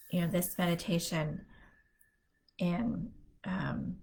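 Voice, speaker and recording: A woman's voice: fairly low pitch, a bit bright. A middle-aged woman hosting a casual live stream, telling family stories in a chatty way and laughing often as she talks. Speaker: host of a positivity live stream.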